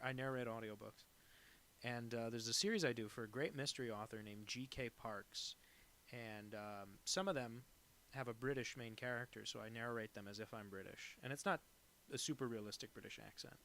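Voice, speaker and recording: A man's voice: mid-range voice, a little fast, fairly bright tone, a little hiss or hum. Man chatting casually, swearing freely. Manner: rambling, joking, freely swearing. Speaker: cartoonist streaming live drawing. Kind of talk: casual chat.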